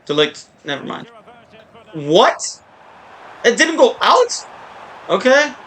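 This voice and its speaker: A man giving casual, rambling live commentary while playing a soccer video game, often breaking into excited shouts and cheers. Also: very high voice, slow. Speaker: gaming YouTuber.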